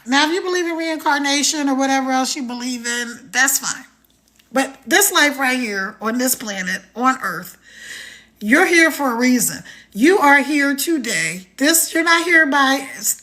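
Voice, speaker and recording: A middle-aged woman hosts a live stream to promote a program, delivering an energetic, motivational pitch directly to her viewers.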